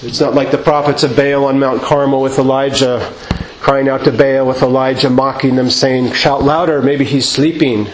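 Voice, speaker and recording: A male priest giving a measured sermon in a church, asking rhetorical questions and singing out quoted refrains. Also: medium pitch, fairly even intonation, slight background noise. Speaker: Orthodox priest. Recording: echoey church with faint ambience.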